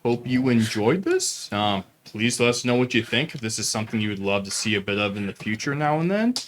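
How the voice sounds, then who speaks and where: A man narrating as game master of a tabletop role-playing game, playful and quick with asides. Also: mid-range voice, big pitch swings, background noise.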